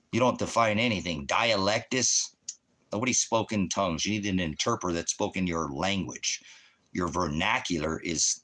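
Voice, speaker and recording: Ministry host, male, angry profane ranter, low-pitched tense voice, combative. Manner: angry, scornful, loud and combative. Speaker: ministry host reading viewer comments. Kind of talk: profane livestream rant.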